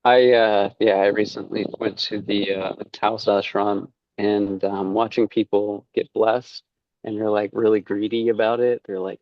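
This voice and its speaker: A man's voice: fairly low pitch, little pitch movement, a little slow, no room sound, muffled recording. A man talking casually as a podcast guest, rambling, with many fillers and quoted asides. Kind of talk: casual conversation.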